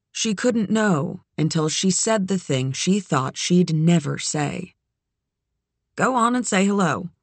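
A woman narrating a novel in a measured, even storytelling manner. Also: deep voice, dry recording. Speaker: audiobook narrator. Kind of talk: scripted narration.

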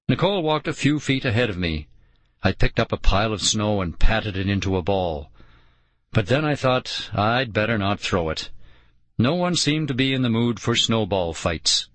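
Male audiobook narrator, measured and unhurried; dry, close sound. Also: on the low side, a bit bright, dry recording. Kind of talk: scripted first-person narration.

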